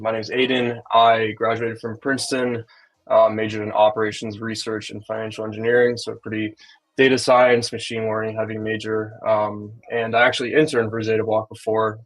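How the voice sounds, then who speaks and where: A man's voice: fairly low pitch, low-quality recording. A young man in his twenties presenting a tech product, hesitant, with lots of "um" fillers. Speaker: guest presenter. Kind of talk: casual technical presentation.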